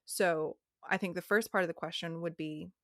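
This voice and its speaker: A woman's voice: lowish voice, steady tone, normal speed, dry recording, clean studio sound. A woman hosting a podcast, asking questions and agreeing in a supportive way. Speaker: podcast host. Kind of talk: casual podcast interview.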